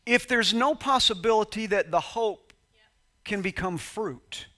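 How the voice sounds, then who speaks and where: Guy preaching in church, bright voice, kinda high, telling a story and quoting people, jokes around. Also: unhurried. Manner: conversational preacher, quoting dialogue, laughing with congregation. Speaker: pastor. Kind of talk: sermon storytelling.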